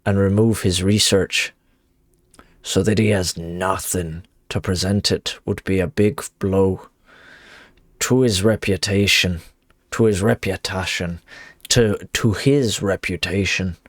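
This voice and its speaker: Voiced by a man, a scheming noble quest giver speaks in a put-on Irish accent, dropping to a low register. He reads slowly, stumbling and repeating words. The sound is dry and close, with no room around it. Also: steady tone, no echo. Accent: Irish, put on badly. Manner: slow, halting reading with repeated words. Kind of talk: reading game dialogue aloud.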